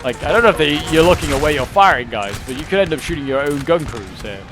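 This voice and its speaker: Man, game commentator, casual, excitable, fillers, slightly high voice. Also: fast, over music. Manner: chatty, excitable, many fillers. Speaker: gameplay commentator. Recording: loud gunfire and artillery from the game. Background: battle sounds, cannon and musket fire.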